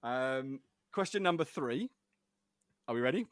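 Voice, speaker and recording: A man's voice: mid-range voice, lively intonation, unhurried, no room sound, studio quality. A man hosting a casual podcast quiz, chatty and giggly, rambling with fillers. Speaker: podcast host, quizmaster.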